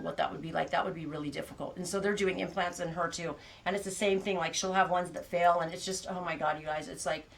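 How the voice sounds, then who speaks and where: A woman's voice: fairly low pitch, creaky, a bit bright, slight background noise. An American woman hosting a casual live stream, chatting in a rambling way, laughing often and greeting viewers by name. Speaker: livestream host of a knitting and farm channel.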